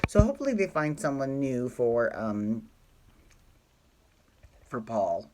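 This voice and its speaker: A man hosting a soap opera recap in casual chat, gushing and chatty with quick asides and apologies. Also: mid-range voice, very animated, darkish tone.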